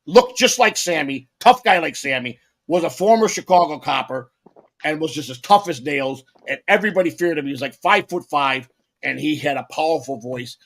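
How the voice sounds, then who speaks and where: A man's voice: on the high side, normal speed, a bit bright. A man in his fifties, a podcast co-host, telling rambling, profane stories in casual chat with lots of restarts.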